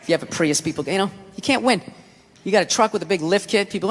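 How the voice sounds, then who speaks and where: A man doing a loud, profane stand-up routine on a comedy stage. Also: high-pitched, fast talker, big-room sound, a little hiss or hum. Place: comedy stage with a live audience.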